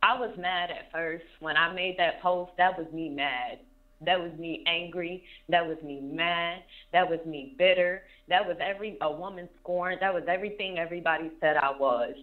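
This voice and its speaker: A woman's voice: lowish voice, normal speed, phone-quality sound. A woman of about thirty, an interview guest, talking earnestly and repeating her points for emphasis. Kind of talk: candid emotional interview talk.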